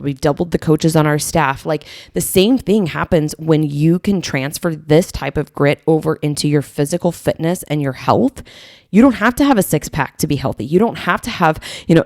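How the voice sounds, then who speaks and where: A woman's voice: sits low, darkish tone, dry recording, studio quality. A woman health coach co-hosting a podcast, talking in an earnest, emphatic way. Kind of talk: casual podcast chat.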